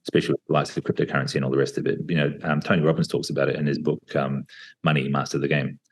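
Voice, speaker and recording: Deep husky man. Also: little pitch movement, very fast. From Australia. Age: 30s. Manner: reflective, hesitant with many fillers. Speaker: podcast guest. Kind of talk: casual interview talk. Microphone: video call.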